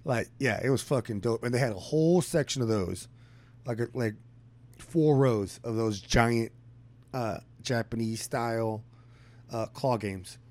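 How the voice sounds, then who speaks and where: A man's voice: mid-range voice, unhurried, a little mellow. A young man chatting casually, laid-back and slangy, often trailing off. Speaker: friend in casual chat. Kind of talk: casual chat.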